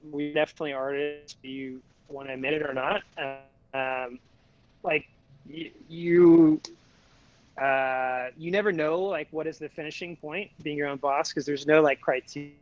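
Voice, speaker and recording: A man talking as a guest over a video call, telling a story in a relaxed way with lots of fillers. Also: on the high side, normal speed. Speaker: guest filmmaker. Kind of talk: casual video-call chat. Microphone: video call over shaky internet. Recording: dull, dry video-call audio.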